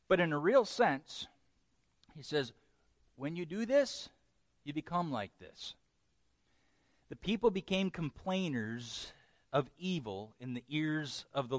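Higher-voiced man preaching. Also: no room sound. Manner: lively, joking teaching with playful asides. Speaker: pastor. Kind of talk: sermon.

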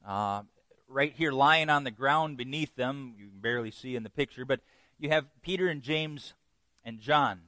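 A man's voice: mid-range voice, fairly bright tone, no echo, clean studio sound. A man serving as pastor, reading scripture aloud and then preaching in a conversational, self-deprecating way, laughing at himself, in a church sanctuary.

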